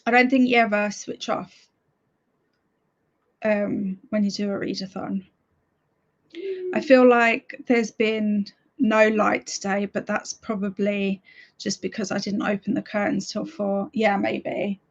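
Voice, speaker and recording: A woman's voice: medium pitch, little pitch movement, slow, vocal fry, lo-fi sound. A woman hosting a reading livestream, chatting casually and giggling as she reads out viewer comments. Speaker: streamer hosting reading sprints.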